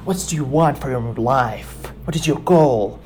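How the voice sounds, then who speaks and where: A speaker imitating a loud, fired-up motivational speaker who rallies the listener with slogans. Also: mid-range voice, lively intonation, measured pace, soft background music, close to an everyday voice. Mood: hyped. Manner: shouty, hyped, repeating slogans.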